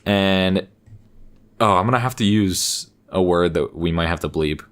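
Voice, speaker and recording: A man's voice: deep voice, a little slow. A young man co-hosting a podcast, telling a rambling story in casual chat, trailing off, restarting and swearing casually. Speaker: podcast co-host.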